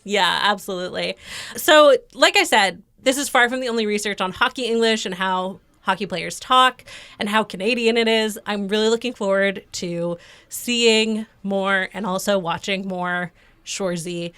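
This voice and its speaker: Smooth-voiced woman, chatty podcast host. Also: medium pitch, moderate pace, a bit bright, no echo. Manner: chatty, laughs often, explains research. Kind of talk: casual chat.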